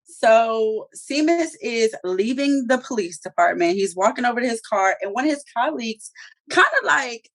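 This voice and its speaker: A woman's voice: on the high side, animated, normal speed. A woman casually recapping a TV episode, swearing freely and acting out the characters' lines. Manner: slangy, profane storytelling with acted-out quotes. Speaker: TV show reviewer.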